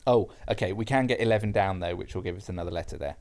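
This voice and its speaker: A man, chatting casually while solving a crossword, reading the clues out slowly and chuckling along. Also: low voice, a little mellow. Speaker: podcast co-host.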